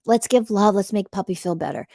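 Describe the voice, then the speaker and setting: A woman doing a soft cooing mother voice. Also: brisk, no echo, studio quality, natural voice. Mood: tender. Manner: soft, high, half-whispered baby talk. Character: gentle loving mother cooing to a toddler.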